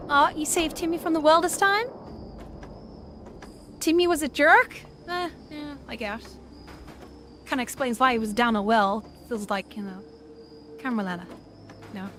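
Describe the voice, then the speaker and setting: A woman's voice: high-pitched, normal speed, long pauses, fairly bright tone, slight background noise. A woman streaming a game in casual chat, talking sweetly and playfully to her in-game dog.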